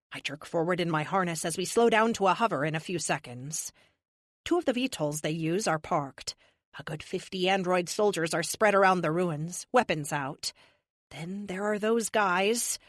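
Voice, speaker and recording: A woman's voice: on the low side, normal speed, no echo, clean studio sound. A woman narrating a superhero audiobook in the first person, with a wry, sarcastic touch.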